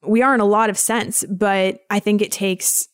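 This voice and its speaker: In a smooth, medium-pitched voice at a moderate pace, this woman, a personal trainer, shares a personal story as a podcast guest. The interview is casual, and she brings it to life by acting out the dialogue of those she quotes.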